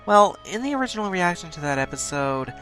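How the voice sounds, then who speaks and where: A man reads his own countdown commentary in a fast, blunt, self-critical way, sometimes tripping over his words. His voice is bright and fairly high for a man, and it swings widely in pitch. Faint music plays behind him. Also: very animated. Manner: talks fast, stutters at points. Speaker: YouTube countdown host.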